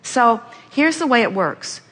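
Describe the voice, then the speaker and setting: A woman's voice: a little high, lively intonation, unhurried, a bit bright. A woman teaching at a live seminar, answering an audience member's questions. She repeats key phrases and acts out the thoughts she quotes.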